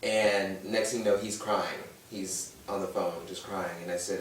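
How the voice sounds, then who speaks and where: A man's voice: low voice, measured pace. A man in his thirties, a talk-show guest, frankly telling his own story and acting out the voices of the people in it. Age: 30s. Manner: animated, acts out quoted voices. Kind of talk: candid personal storytelling. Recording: echoey room, distant mic, faint noise.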